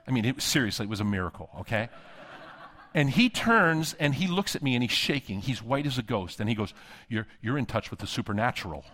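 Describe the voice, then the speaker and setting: A man preaching to a conference crowd, telling a story in an animated way and acting out each line of dialogue. His voice sits in a middle register. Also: mid-range voice, brisk. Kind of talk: sermon. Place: conference hall.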